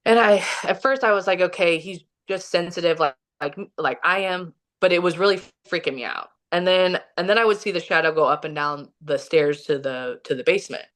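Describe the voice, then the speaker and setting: A woman's voice: on the low side, fairly quick, few pauses, a bit bright. A woman, a podcast guest from Kansas City, telling a long personal story in a casual, rambling way with many fillers, acting out the quotes. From Kansas City, Missouri. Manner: rambling, filler-heavy, acts out quoted dialogue.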